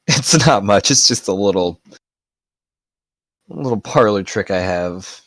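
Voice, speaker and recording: A man's voice: lowish voice, lively intonation, takes it slowly, a bit bright, no room sound, heavily acted. A man voicing an evasive male magic user who plays down his gifts and stumbles over his words. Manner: stammering, deflecting.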